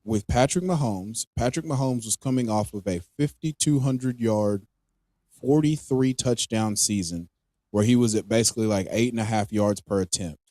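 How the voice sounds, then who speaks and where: Animated ranting man, dry sound. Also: fairly low pitch, moderate pace, dry recording. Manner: animated, ranting, swears freely. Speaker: podcast co-host. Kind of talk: casual fantasy football chat.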